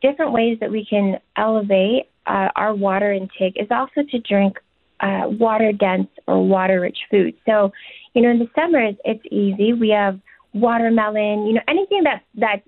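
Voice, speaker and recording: Gravelly woman on a phone line. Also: mid-range voice, moderate pace, no room sound. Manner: chatty, frequent "you know" and "um". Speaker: nutritionist and chef guest. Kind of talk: casual advice in a radio interview. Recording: tinny dry phone line.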